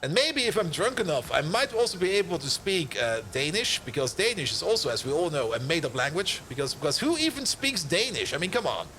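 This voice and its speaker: A man's voice: on the high side, sing-song, brisk, few pauses, bright, forceful tone, slight background noise. A young man streaming a game, chatting casually, joking, rambling and laughing often. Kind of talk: casual live-stream chat.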